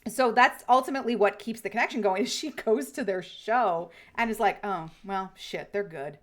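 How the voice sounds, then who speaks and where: A woman co-hosting a podcast, chatting casually and retelling scenes with animated quoted lines. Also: mid-range voice, moderate pace. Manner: animated retelling with quoted voices, frequent swearing. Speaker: podcast co-host. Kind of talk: casual chat.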